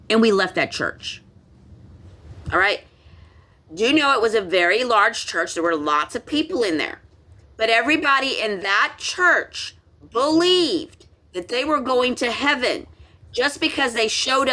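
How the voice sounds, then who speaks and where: A middle-aged woman telling a personal story in a casual monologue, growing emphatic and animated as she goes. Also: medium pitch. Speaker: spiritual video host.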